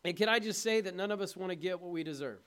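High-voiced man preaching a sermon. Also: quick pace, a bit bright. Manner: earnest, plain-spoken preaching with questions to the congregation. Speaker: pastor. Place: church.

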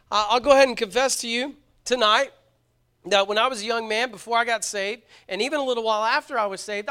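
A man's voice: very high-pitched, bright, forceful tone, clear, resonant tone. A man preaching a sermon to a congregation, earnest and emphatic, often repeating words for stress. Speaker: pastor.

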